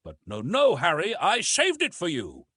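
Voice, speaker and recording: A man reading the part of an eccentric, excitable older professor in an audiobook, fervent and insistent. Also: high voice, moderate pace, husky, dry recording, clean studio sound, pitched above the performer's own voice, heavily acted. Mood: urgent.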